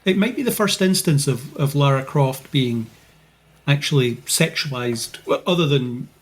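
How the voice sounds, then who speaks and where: A man's voice: medium pitch, normal speed, slightly rough. A man, a guest on a podcast, chatting casually in a thoughtful, dryly amused way. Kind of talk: casual chat.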